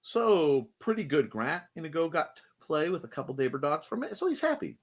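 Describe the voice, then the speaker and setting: A playful man hosts a loose live chat show, bouncing between jokes and quick asides. His voice sits a little high and swings widely in pitch, so he sounds lively and animated throughout. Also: slightly rough. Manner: playful, slips into silly voices. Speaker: host.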